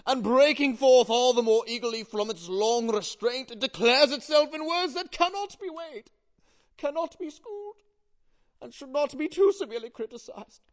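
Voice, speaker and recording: A woman playing a timid, lovesick comic man in an operetta, pleading floridly and singing a slow doleful song. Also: high voice, lively intonation. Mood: ardent. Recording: long hall reverb, guitar accompaniment.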